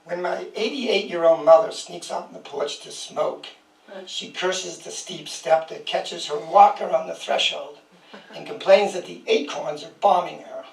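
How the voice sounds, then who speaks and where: A man's voice: fairly high pitch, unhurried, creaky. A man in his sixties reading his own poems aloud as a guest poet, with dry humor and chuckling asides between pieces. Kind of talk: poetry reading with casual asides. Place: small historic house, indoors. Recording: roomy sound from a distant mic.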